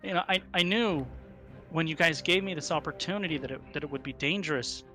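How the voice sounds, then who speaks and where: A man's voice: fairly high pitch, fairly quick, bright, forceful tone, faint music behind. A man voicing an earnest, shaken young adventurer. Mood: shaken, resolved.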